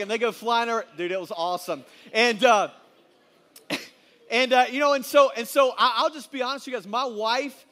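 High-pitched guy preaching, loose and animated, tells stories with lots of dude and man. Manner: casual, animated storytelling with slang. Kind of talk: sermon.

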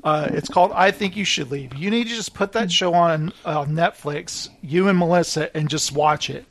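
A man chatting casually as a podcast host, animated, laughing often and acting out quotes. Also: fairly high pitch, moderate pace. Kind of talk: casual chat.

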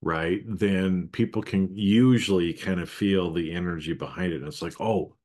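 A man with a notably deep, low voice talks through his ideas on a podcast. He is reflective and unhurried, often pausing on "you know" as he works out his point. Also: a little mellow. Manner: reflective, thinks aloud with frequent "you know". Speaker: podcast co-host. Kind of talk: casual conversational podcast.

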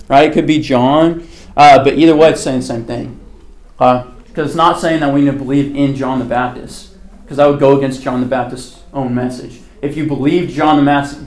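A man's voice: mid-range voice, darkish tone. A man teaching a casual Bible study class. He talks conversationally, poses questions to the group and answers them himself, with many fillers like "okay" and "like.".

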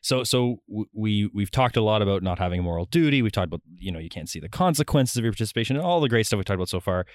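A low-voiced man hosts a podcast and puts his questions to the guest quickly, in a loose and chatty way. The sound is dry and close to the mic. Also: animated, no room sound. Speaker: podcast host. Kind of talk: conversational interview questions.

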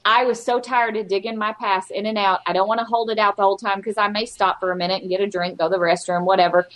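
A woman's voice: medium pitch, fairly even intonation, quick pace, few pauses, a bit bright. A woman co-hosting a podcast in casual chat, telling a rambling, exasperated story and acting out the lines she quotes in exaggerated voices. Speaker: podcast co-host.

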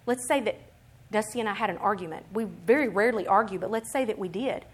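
A woman preaching a sermon in an animated, emphatic way, swinging between quiet explanation and loud, rising declarations. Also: medium pitch, quick pace, husky. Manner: acts out other people's voices in quotes.

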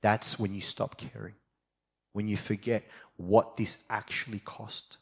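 A young adult man preaching a sermon as a pastor, moving from quiet reflection to fired-up passion. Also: lowish voice, flat delivery, a little slow, gravelly, slightly rough.

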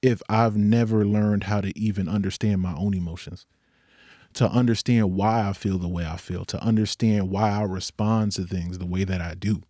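A man's voice: lowish voice, fairly even intonation, normal speed, dark tone, dry recording, studio quality. A young man speaking in an earnest, candid personal monologue, with occasional rueful laughs.

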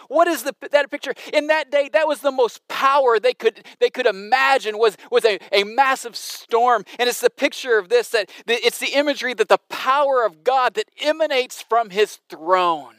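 A man's voice: very high-pitched, normal speed, few pauses, a bit bright, no room sound, clean studio sound. A man preaching a sermon in an emphatic, dramatic way, with frequent restarts. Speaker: pastor.

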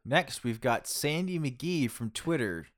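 A man's voice: mid-range voice, animated, slow. A man on a podcast who reads out listener messages and teases the hosts in casual chat.

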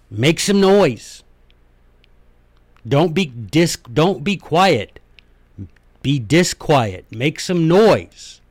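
A man's voice: fairly high pitch, no room sound. Folksy Southern man lecturing, dry sound. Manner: chatty, digressive, emphatic asides. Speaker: host.

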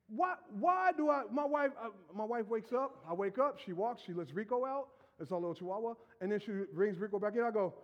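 A middle-aged male pastor giving a lively, joking sermon, acting out quotes and shouting at times. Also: extremely high pitch, lo-fi sound.

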